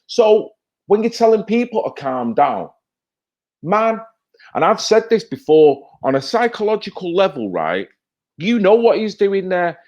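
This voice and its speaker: A man's voice: high voice, big pitch swings, measured pace, a little mellow, dull audio. A man commenting on TV clips in a heated, emphatic rant, often tagging his points with "right?". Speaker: video commentator. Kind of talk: reacting to TV clips, ranting.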